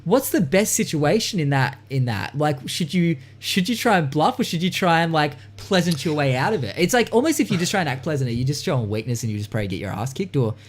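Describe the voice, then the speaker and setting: A man chatting on a podcast with a very lively, swooping pitch that climbs high whenever he jumps into a tough-guy voice. He swears freely and keeps the talk loose and animated. Recorded close on a podcast mic. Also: fast talker, few pauses, background noise. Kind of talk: casual podcast chat. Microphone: studio podcast mic.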